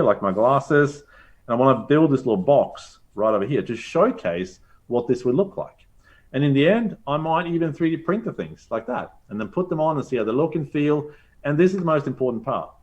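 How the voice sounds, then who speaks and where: A man's voice: medium pitch, highs cut off. A man teaching a live online session, thinking aloud in an upbeat, chatty way as he clicks through a demo. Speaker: teacher presenter. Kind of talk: live screen-share demo lesson.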